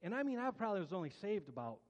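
Male pastor, testimony sermon, fairly high voice, long hall reverb, earnest and plainspoken. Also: big pitch swings, very fast. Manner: earnest, colloquial storytelling with stammered restarts.

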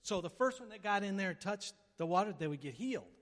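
Male pastor, high voice, animated sermon with loud bursts and acted-out voices, big reverberant hall. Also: fast talker. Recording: long reverb of a large hall.

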